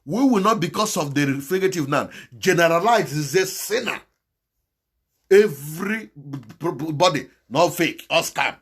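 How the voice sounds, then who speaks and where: A man's voice: expressive, measured pace, slightly rough. Impassioned man with an Igbo accent. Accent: Nigerian Igbo. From Nigeria. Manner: impassioned and moralizing, swinging between loud exhortation and low pleading. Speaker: channel host. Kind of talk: preachy monologue, Igbo mixed with English.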